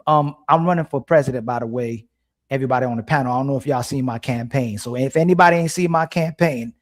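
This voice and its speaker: A man's voice: medium pitch, fast. A man hosting a casual livestream panel, reading super chats aloud in a slangy, playful, teasing way.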